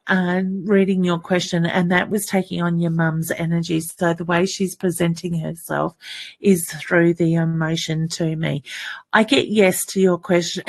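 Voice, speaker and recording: A woman's voice: fairly low pitch, creaky. A woman with an Australian accent hosting a live psychic stream, reading viewer comments and calling viewers honey in a chatty way.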